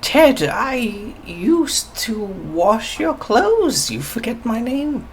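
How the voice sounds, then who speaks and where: A man voicing an older human woman, a former washerwoman, in a tabletop game, with a high, slow, kindly old-lady voice. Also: very animated, slight background noise, heavily acted. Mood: fond. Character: older human washerwoman who knew Ted as a child.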